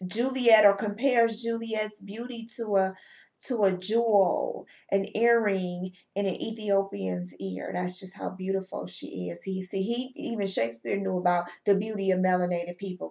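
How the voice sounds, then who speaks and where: A woman's voice: medium pitch, vocal fry, a little mellow. A woman teacher giving a casual recorded lesson, playful and chatty with slangy asides.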